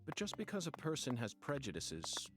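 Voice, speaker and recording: A man's voice: wildly swooping pitch, normal speed, faint music behind. An actor voicing an eccentric male agent who muses aloud in an oddly formal way in a video game. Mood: musing. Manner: musing, oddly formal, leaps in pitch. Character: eccentric male FBI agent, musing and theatrical.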